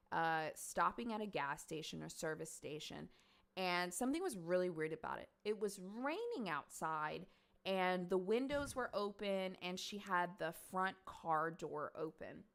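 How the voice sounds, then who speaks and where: Woman, streamer host, casual true crime storytelling, animated and blunt with the odd curse. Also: on the low side. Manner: chatty, animated, swears for emphasis.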